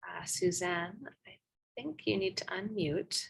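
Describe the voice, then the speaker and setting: A woman's voice: lowish voice, a little slow, gravelly, husky, poor audio. Chatty woman moderating an online debate. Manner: friendly, chatty, playful.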